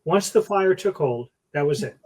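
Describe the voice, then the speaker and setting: A man's voice: on the high side, expressive, moderate pace, a little mellow, low-quality recording. A man on a TV talk panel who talks emphatically and repeats words for stress. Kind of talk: panel discussion. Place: TV studio.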